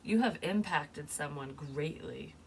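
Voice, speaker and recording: Casual female psychic reader with a deep voice, laughs and swears freely, faint hiss behind her. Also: slow, darkish tone. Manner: chatty and loose, laughs often, swears. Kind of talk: casual spoken psychic reading.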